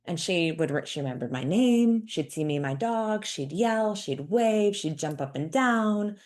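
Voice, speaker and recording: A woman's voice: lowish voice, lively intonation, measured pace, a little mellow. A woman podcast host telling personal stories in a chatty, self-deprecating way. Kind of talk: personal storytelling monologue.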